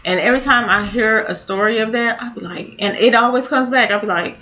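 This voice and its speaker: A woman telling a personal story in a casual, halting way, with many fillers and restarts. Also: on the high side, expressive, sharp tone. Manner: halting, full of fillers and restarts, laughs now and then. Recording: dull lo-fi audio.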